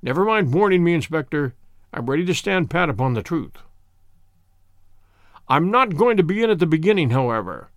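A man's voice: fairly high pitch, sing-song, moderate pace, long pauses, no echo, clean studio sound. A man reading an older American fugitive who speaks with a blunt, folksy, earnest manner and an American accent. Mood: frank.

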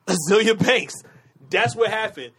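A man co-hosting a casual podcast chat, joking and telling stories in an animated way. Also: high-pitched, crowd noise. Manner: animated, joking, quick storytelling.

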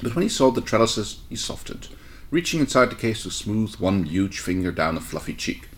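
A man reading a fan fiction story aloud in a relaxed way, with short asides to his co-reader. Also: fairly low pitch, normal speed. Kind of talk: casual read-aloud narration.

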